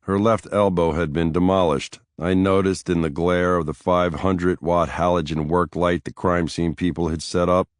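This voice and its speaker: A male audiobook narrator with a very deep, low voice and a steady, matter-of-fact delivery. The recording is close and dry, with no room sound. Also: normal speed, few pauses, dry recording. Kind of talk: scripted first-person narration.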